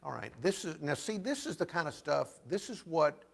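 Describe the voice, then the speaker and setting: A man's voice: on the high side, expressive, normal speed, creaky, slightly rough. A man hosting a comedic talk show interview, joking and emphatic.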